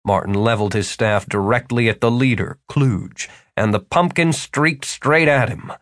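A male audiobook narrator reading fantasy fiction in a steady, lively storytelling voice. His pitch sits in an ordinary middle range. The sound is dry and close, with no room echo. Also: normal speed.

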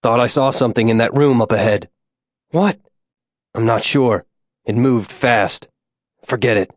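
Man voicing a serious dad, blunt and steady, plain middle voice, audiobook. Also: medium pitch, measured pace, dry recording, clean studio sound, natural voice. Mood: grim. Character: grim, steady middle-aged father. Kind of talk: audiobook character voice.

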